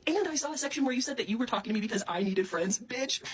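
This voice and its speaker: A woman's voice: a little high, animated, racing, heavy background noise. A young adult woman delivering an angry, profane, accusatory rant straight to camera. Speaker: online personality.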